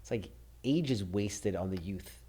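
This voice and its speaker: A man's voice: lowish voice, unhurried, warm tone. Blunt, swearing middle-aged male podcast host. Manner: blunt, opinionated, swears freely. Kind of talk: casual chat.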